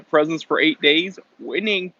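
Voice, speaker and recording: A man's voice: a little high, slow, sharp tone, highs cut off. Chatty man hosting a livestream. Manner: chatty, greets viewers and reads their comments aloud. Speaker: livestream host. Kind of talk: casual livestream chat. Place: outdoors in the shade.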